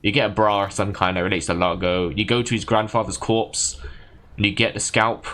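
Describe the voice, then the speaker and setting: A man's voice: lowish voice, steady tone, brisk, a bit bright. A man streaming a game, chatting casually and retelling a story in a rambling, self-correcting way. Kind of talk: casual chat while gaming.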